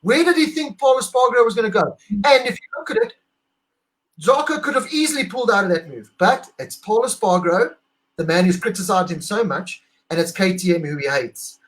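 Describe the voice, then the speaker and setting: A man's voice: sits high, lively intonation, a little fast, fairly bright tone, low-quality recording. A man co-hosting a casual motorsport debrief over a video call, emphatic and argumentative, repeating his points. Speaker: co-host.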